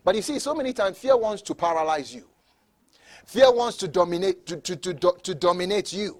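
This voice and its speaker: Animated high-voiced preaching pastor. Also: male voice, normal speed. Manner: repeats words, stammering restarts, laughs between points; swings from soft asides to loud emphatic preaching. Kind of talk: sermon.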